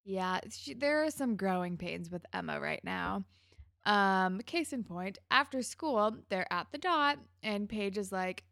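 A woman with a gravelly edge to her voice chats casually as a podcast co-host. She retells a TV episode scene by scene, acting out the characters' lines. The sound is dry and close. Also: medium pitch, lively intonation, measured pace, fairly bright tone, no room sound. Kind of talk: casual recap chat.

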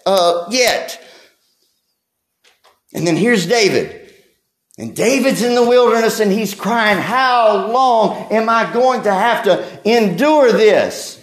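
A high-pitched man preaches a sermon to his congregation. He talks with passion and often acts out pleading, anguished cries. His voice rings in an echoey church room. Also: slow. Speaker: pastor.

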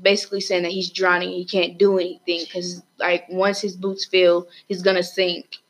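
A woman's voice: fairly low pitch, level tone, moderate pace. A woman casually retelling a story as a student podcast host, rambling with lots of fillers and restarts.

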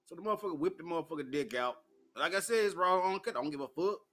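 A brash man with a fairly high voice hosts his own uncensored talk show. He swears freely, laughs often and tells his stories with loud, unfiltered bluntness. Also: lively intonation, very fast. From Memphis, US. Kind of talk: uncensored solo monologue.

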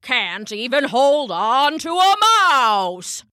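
Woman acting out a grumpy old man, gruff, short-tempered, storybook, dry close sound. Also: medium pitch, very animated, very slow, no echo, heavily acted. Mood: angry. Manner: gruff, shouting, muttering. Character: grumpy old man, a hunter easily angered.

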